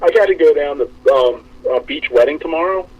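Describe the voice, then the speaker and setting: A young man co-hosting a podcast in casual chat, telling an animated story, swearing freely and acting out what his friends said. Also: on the high side, fairly quick, lo-fi sound. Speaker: podcast co-host.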